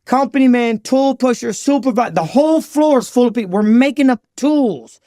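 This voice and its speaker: A man, a podcast guest, telling his recovery story in an animated, slangy way and acting out the dialogue. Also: very high voice, a little fast, no room sound, studio quality.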